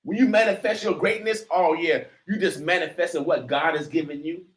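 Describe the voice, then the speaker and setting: A man's voice: on the high side, steady tone, fairly quick. Fiery preachy male radio host. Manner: preachy, defiant, rising to near shouts. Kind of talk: fiery talk radio commentary.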